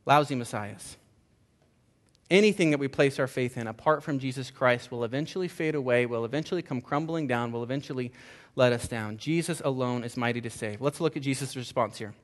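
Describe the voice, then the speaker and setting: A pastor preaching a conversational sermon, emphatic, with repeated words and restarts. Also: male voice, fairly high pitch.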